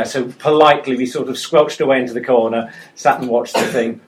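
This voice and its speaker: British guy telling a rambling funny story at a fan meetup, lots of ums and uhs, mid-pitched voice. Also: steady tone, brisk. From Britain. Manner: rambling, self-mocking, many fillers. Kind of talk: casual storytelling to a live audience.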